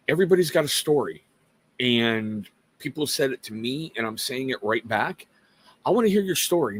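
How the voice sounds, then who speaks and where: This is a middle-aged man hosting his own casual talk stream. His voice sits at a plain middle pitch, and he speaks earnestly in a rambling, conversational way. He drops in self-deprecating jokes as he goes. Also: slightly rough. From Washington State. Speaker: livestream host. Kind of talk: casual personal talk to viewers.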